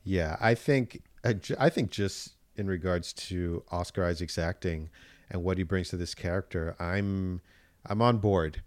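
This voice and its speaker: A man chatting casually about a TV show, animated, acting out his reactions and swearing freely. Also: low voice, unhurried, dry recording. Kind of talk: casual review chat.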